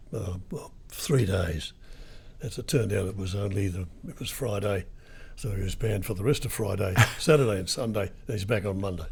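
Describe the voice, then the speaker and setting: Brief: older Aussie man, husky voice, rambling storyteller in an interview. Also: lowish voice, dark tone. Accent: Australian. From Australia. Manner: rambling storyteller, lots of ums and restarts. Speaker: retired radio broadcaster, guest. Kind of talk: anecdotal interview chat.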